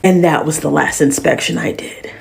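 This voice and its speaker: A woman telling a personal story in a casual, animated way, full of sassy slang asides. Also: sits low, normal speed, creaky, background noise.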